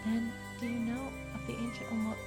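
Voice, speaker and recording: Woman as a polite young student heroine in a game, courteous, fairly high voice. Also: completely flat delivery, brisk, music in the background, lightly acted. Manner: polite, pleading.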